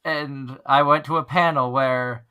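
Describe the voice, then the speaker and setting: Guy hosting a fan radio show, super bright voice, rambles and restarts a lot. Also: medium pitch, fairly even intonation, a little slow, clean tone. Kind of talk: casual chat.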